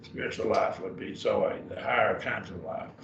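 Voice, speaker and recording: A man teaching a Greek class, slowly sounding out words and repeating each one several times, with self-correcting asides. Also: on the low side, steady tone, fairly bright tone. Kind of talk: classroom lesson. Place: church classroom. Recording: roomy, distant, dull lo-fi with faint noise.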